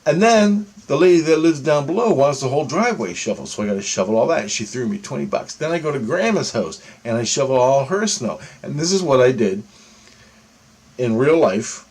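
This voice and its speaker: A young man with a voice of average pitch talks his way through a dream in a loose, rambling monologue. He swears constantly and keeps checking in with "right?" and "okay?" as he goes. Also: lively intonation, a little fast, a little mellow, breathy edge. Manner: heavy cursing, rambling, repeats "right?" and "okay?". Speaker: vlogger. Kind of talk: casual monologue recounting a dream.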